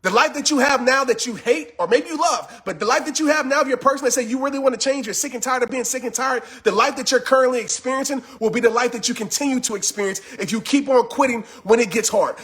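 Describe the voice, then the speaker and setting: High-pitched, fast, yelling motivational man. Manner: yelling, intense and repetitive, preachy. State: just finished working out. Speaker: motivational speaker. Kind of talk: fired-up motivational talk on a live stream.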